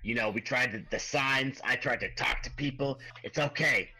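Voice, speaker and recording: A man's voice: medium pitch, moderate pace, bright, forceful tone, breathy edge. A man doing a self-assured goblin woman. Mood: reassuring. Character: female goblin sure she has magic. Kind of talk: tabletop role-play in character.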